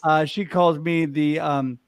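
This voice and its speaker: A man's voice: a little high, fairly even intonation, slow pace, clear, resonant tone, no echo. A middle-aged man hosting a casual panel chat over a video call, upbeat and telling stories about himself with self-deprecating humor. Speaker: host.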